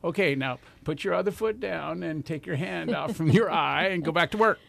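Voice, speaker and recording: Man, 60s, radio host, high voice, dry sound, excited, talks straight to listeners. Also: normal speed, creaky, no room sound. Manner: enthusiastic, rambling, addresses listeners directly. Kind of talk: motivational radio talk.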